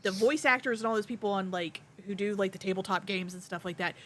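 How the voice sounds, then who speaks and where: A woman's voice: mid-range voice, quick pace, a bit bright. Blunt, opinionated woman, faint hum. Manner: blunt, opinionated, filler-heavy. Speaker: panelist. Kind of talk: casual panel chat.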